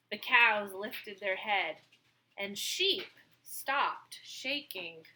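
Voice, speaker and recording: Woman reading a kids story aloud, slow and sing-songy, high voice. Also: animated, sharp tone, low-quality recording. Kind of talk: reading a picture book aloud.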